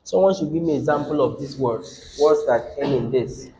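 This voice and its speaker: A man with a Nigerian English accent teaching a classroom English lesson, dictating rules slowly, repeating them and quizzing students. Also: mid-range voice, a little mellow, a little hiss or hum, poor audio.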